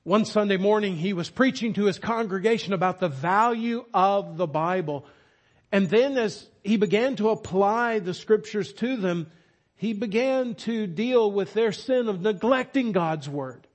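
A man's voice: high-pitched, unhurried. A man preaching a sermon, with emphatic, dramatic storytelling. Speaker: pastor.

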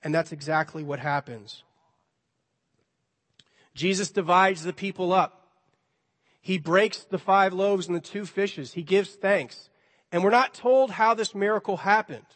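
A man's voice: high voice, unhurried, pauses often, a bit bright, big-room sound. A male pastor preaching a sermon in a conversational way, now and then acting out the dialogue with a light touch. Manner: conversational, playfully acts out dialogue.

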